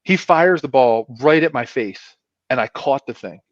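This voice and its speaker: At a moderate pace and mid-range pitch, a former pro footballer shares stories on a relaxed fan show, animatedly imitating the people in them. The sound is dry and dull lo-fi, with no room sound.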